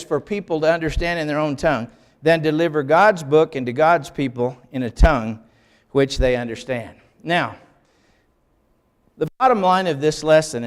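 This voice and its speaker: Older guy teaching a bible class, kinda high voice, emphatic, long hall echo. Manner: emphatic, explains step by step and asks for the next slide. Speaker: Bible lecturer. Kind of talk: classroom lecture with slides. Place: lecture hall.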